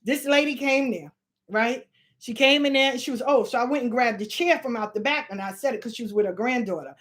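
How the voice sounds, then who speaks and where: A middle-aged woman telling a long personal story in casual, profane, animated talk, slipping into the voices of the people she quotes. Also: on the high side, brisk. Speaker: spiritual channel host.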